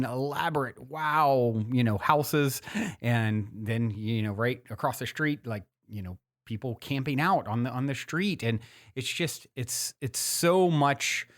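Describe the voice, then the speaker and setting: A man hosting his own podcast, telling a personal story in a loose, rambling way with many fillers and restarts. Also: medium pitch. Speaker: podcast host. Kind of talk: casual storytelling monologue.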